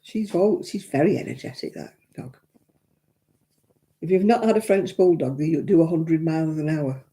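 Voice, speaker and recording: A woman's voice: sits low, moderate pace, dark tone. A woman hosting a casual craft live stream, telling stories in a chatty, self-mocking way and laughing between them.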